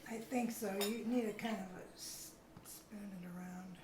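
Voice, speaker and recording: Woman explaining her recipe steps, kitchen echo, pots and pans clanking loud. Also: medium pitch, steady tone, normal speed, background noise. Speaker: cooking video co-host. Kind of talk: casual kitchen chat. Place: home kitchen. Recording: echoey kitchen with loud clattering dishes.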